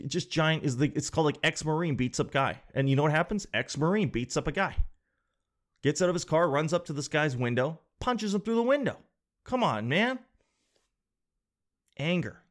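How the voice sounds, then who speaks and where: A man hosting a casual comedic monologue, rambling and sarcastic, swearing freely. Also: on the high side.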